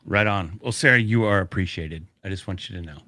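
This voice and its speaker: A man's voice: sits low, fairly quick, sharp tone, dry recording. A man co-hosting a podcast, talking in an upbeat, joking and motivational way. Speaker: podcast co-host. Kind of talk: casual podcast chat.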